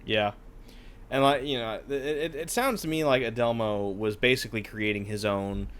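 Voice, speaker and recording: A man's voice: mid-range voice, normal speed, a bit bright. A man co-hosting a casual book podcast, talking in an irreverent, mocking way and breaking into silly voices. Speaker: podcast co-host.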